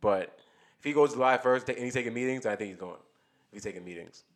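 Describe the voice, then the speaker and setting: Speaking quickly in a mid-range voice, a male podcast co-host talks sports casually. His delivery is loose and meandering, with frequent restarts as he works through his thoughts.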